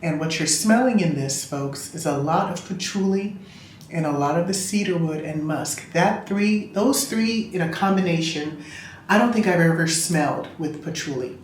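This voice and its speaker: A woman's voice: fairly low pitch, normal speed, slight background noise. A woman reviewing a fragrance in casual chat, a gushing and chatty storyteller talking from a room at home. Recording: roomy room echo.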